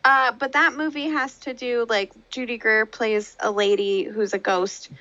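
Bright upbeat woman, lo-fi sound. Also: fairly high pitch, fairly even intonation, measured pace, dry recording. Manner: upbeat, agreeable, leads the questions. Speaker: podcast co-host. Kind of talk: casual movie review chat. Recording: dull lo-fi sound.

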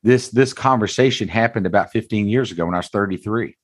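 Deep husky-voiced man in his forties. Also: fast talker. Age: 40s. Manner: earnest, blunt, folksy, calls host brother. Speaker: car dealership owner, interview guest. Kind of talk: candid conversational storytelling.

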